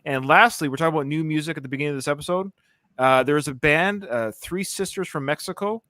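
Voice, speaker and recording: A man's voice: on the high side, fast, bright, forceful tone, no echo. A man co-hosting a podcast, chatting casually and enthusiastically recommending things with plenty of fillers. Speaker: podcast co-host. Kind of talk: casual chat.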